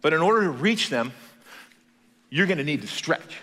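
A male pastor preaching a sermon in a church, telling the story in a playful, animated way. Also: fairly high pitch, moderate pace, pauses often, long reverb tail.

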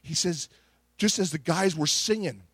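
A man's voice: a little high, unhurried, a bit bright, slightly rough, dry recording. A middle-aged male pastor preaching a Pentecostal sermon with impassioned delivery, repeating words and restarting phrases as he tells a story.

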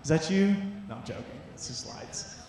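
A man's voice: a little high, normal speed. A young man preaching a casual youth sermon, telling a story with jokes and lots of "like". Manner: animated storytelling, jokey asides, lots of "like". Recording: very echoey room.

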